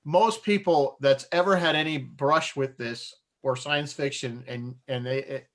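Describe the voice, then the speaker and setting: A man's voice: medium pitch, a little slow, fairly bright tone. A man co-hosting a casual chat, rambling and laughing often as he talks. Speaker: podcast co-host.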